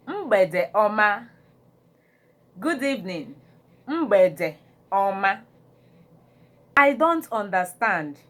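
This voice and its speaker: Woman, unhurried language teacher, repeats and acts out phrases, mid pitch. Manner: repeats each phrase, shifting between English and Igbo; animated when acting out phrases. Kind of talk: slow phrase-by-phrase language lesson.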